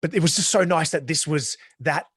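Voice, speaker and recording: A man's voice: on the high side, fairly quick, fairly bright tone, husky, no room sound, studio quality. Chatty Australian man reviewing films. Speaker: podcast co-host. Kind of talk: casual film review chat.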